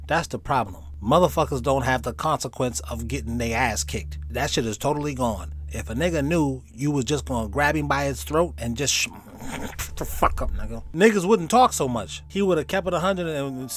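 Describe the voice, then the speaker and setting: A male host cuts into his own video with loud, profane, mocking commentary. His voice is a little high, and the talk stays casual and rough. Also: moderate pace.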